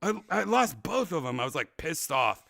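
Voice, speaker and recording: A man hosting a laid-back talk show, rambling through a long story and shouting out the lines he quotes. His voice sits fairly high and swings up and down a lot, with a gravelly edge. The sound is bright, close and dry. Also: moderate pace, no echo. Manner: rambling, animated, acts out quotes loudly. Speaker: podcast host. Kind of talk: casual storytelling chat.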